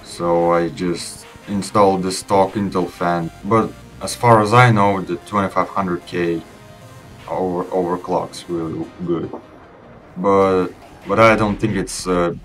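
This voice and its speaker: A young man whose first language is Russian, giving a relaxed, rambling voice-over review of his gaming PC over gameplay, with casual restarts. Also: low voice. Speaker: PC gaming channel host.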